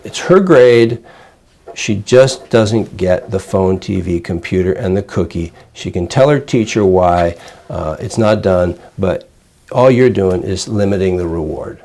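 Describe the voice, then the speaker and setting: An older man, a child psychiatrist, calmly explaining parenting techniques to a parent in plain, conversational teaching. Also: sits low, a little slow. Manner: calm, explanatory, plain-spoken. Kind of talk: conversational teaching with role-play examples.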